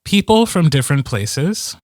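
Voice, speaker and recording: Man, audiobook narrator, casual podcast talk, animated, dry close mic. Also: a little high, measured pace, no echo. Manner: animated, many fillers and restarts.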